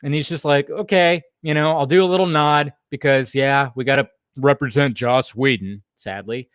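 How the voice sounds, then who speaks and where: A man giving casual live commentary on film footage as an online host, animated and exclamatory, swearing freely as he talks. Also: mid-range voice, normal speed, smooth, no room sound, studio quality.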